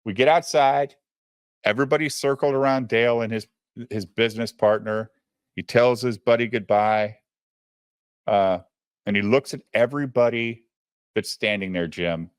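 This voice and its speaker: A man's voice: mid-range voice, moderate pace, smooth, no echo, studio quality. A man telling a story in a casual, profane style, often addressing his listener directly.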